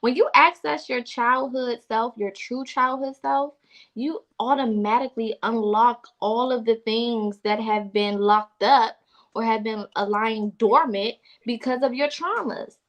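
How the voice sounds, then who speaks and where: A woman's voice: a little high, measured pace. A woman co-hosting a casual spiritual chat, talking emphatically and bluntly with a preachy edge and some swearing. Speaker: podcast co-host.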